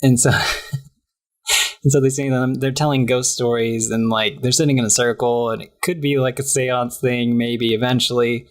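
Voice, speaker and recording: A woman with a rumbling low voice co-hosts a casual podcast, recapping a cartoon episode at a moderate pace with fairly even intonation. She giggles as she acts out the characters' lines.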